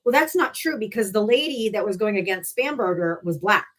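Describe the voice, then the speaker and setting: A woman's voice: medium pitch, expressive, a little fast. A woman hosting a live political stream, chatting casually with callers and affirming them. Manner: warm, affirming, brief replies. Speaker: livestream host.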